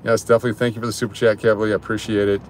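A man with a lowish voice and a fairly flat pitch livestreams from his car, parked in a parking garage. He talks very fast, greeting viewers by name between rambling casual remarks. There's slight background noise.

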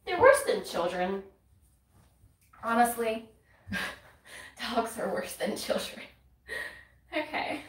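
A woman with a North Carolina accent talks through her workout in an unhurried way, counting reps and sighing between sets. She sounds slightly out of breath and her voice sits a bit high. The mic is some distance away in a roomy space. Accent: Southern US, North Carolina. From North Carolina, USA. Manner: chatty, counts reps aloud, laughs and sighs between moves. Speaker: fitness content creator. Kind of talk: casual workout instruction while exercising.

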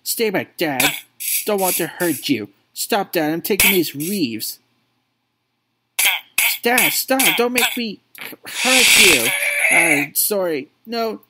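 Guy voicing a homeless kid yelling at his dad, voice cracking up high, all over the place. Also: expressive, takes it slowly, very noisy. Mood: desperate. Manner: pleading, accusing, voice straining high. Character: young homeless son, anguished and defiant.

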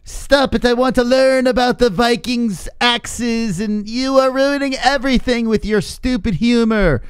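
A man's voice: extremely high pitch, a little slow, clear, resonant tone, no room sound, voice pushed up. A man putting on the voice of a petulant young boy commenter, in a mocking whine. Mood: whiny.

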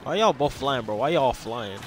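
A young man, commenting on his own gameplay casually, excitable, repeating himself and yelping when attacked. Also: medium pitch, normal speed, a little hiss or hum. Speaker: gameplay streamer.

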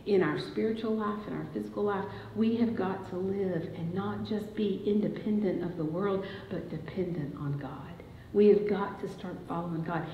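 Speaking at normal speed with few pauses, a woman preaches in a steady, medium-pitched voice in a church sanctuary. A family story leads into emphatic declarations. The echoey, dull recording has slight background noise.

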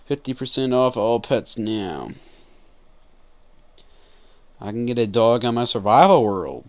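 A man giving relaxed gameplay commentary, often mumbling to himself. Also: mid-range voice, takes it slowly, clean tone, dull audio. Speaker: gamer.

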